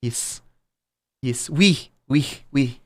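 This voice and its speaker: A man's voice: mid-range voice, extremely slow, fairly bright tone. A man putting on an overdone French accent to play a bumbling Frenchman, hesitating and searching for words. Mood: hammy. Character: bumbling fake Frenchman from Paris.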